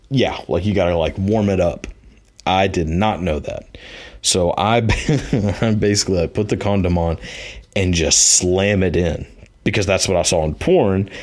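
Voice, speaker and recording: A man telling a personal anecdote in a rambling, casual way, full of fillers and laughing at himself. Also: low voice. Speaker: storyteller.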